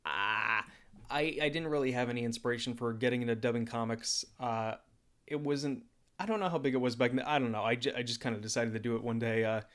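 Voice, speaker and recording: A young man hosting a casual livestream Q&A in a relaxed, laid-back way, with lots of filler words. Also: mid-range voice, brisk. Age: young adult. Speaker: YouTuber and comic dubber.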